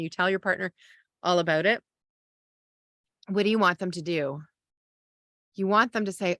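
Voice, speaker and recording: A woman's voice: medium pitch, animated, normal speed, pauses often, bright, forceful tone, dry recording, clean studio sound. A woman, a parenting coach and podcast host, teaching a masterclass in a conversational way and explaining with everyday examples.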